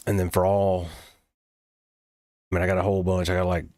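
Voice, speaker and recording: A man demoing software he built, talking casually and loosely, with plenty of pauses and some cursing. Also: low voice, monotone, dry recording, clean studio sound. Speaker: developer demoing his own app. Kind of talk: casual late-night screen-recording talk.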